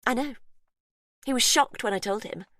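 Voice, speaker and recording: A woman's voice: on the high side, normal speed, a bit bright, no room sound, clean studio sound, voice pushed up, natural voice. A woman voicing a cornered, vengeful woman, bitter and wounded, with a shaky confessional way of talking.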